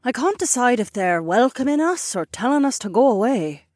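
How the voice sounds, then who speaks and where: A man narrating an audiobook voices a calm Irish woman mage with a measured, soothing manner. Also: very high-pitched, no room sound, studio quality, pitched above the performer's own voice, full character voice. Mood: musing.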